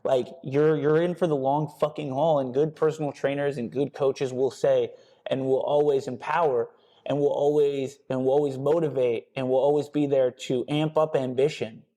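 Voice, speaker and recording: A man's voice: medium pitch, normal speed, warm tone. A man hosting a fitness podcast, talking bluntly and casually with lots of swearing and emphatic repetition. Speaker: podcast host and personal trainer. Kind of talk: casual motivational podcast talk.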